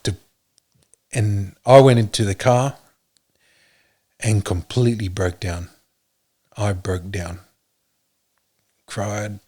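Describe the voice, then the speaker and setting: A man, a podcast guest, telling his story in an earnest, halting way with many fillers. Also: on the low side, fairly even intonation, darkish tone. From Australia. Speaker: podcast guest, police officer. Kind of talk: casual interview talk.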